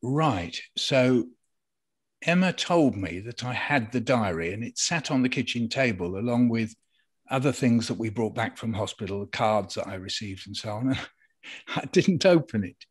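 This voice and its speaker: An older man, a poet, telling a personal story in a reflective conversation, halting and restarting as he goes. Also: mid-range voice, lively intonation, husky. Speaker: interviewee, poet.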